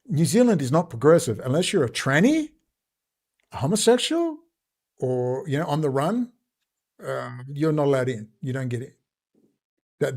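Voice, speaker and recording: A man's voice: mid-range voice, darkish tone. A man delivering a combative, emphatic political monologue that jumps from point to point. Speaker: political commentator. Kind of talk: ranting monologue.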